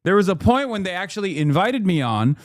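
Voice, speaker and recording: A man's voice: high voice, big pitch swings, a little fast, no echo, studio quality. A male live streamer giving casual reaction commentary, profane, mocking and sarcastic.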